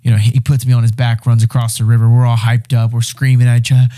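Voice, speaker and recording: A young man, a podcast guest, excitedly retelling a survival story in casual, animated talk with swearing and restarts. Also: medium pitch, fast. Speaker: podcast guest, reality show winner.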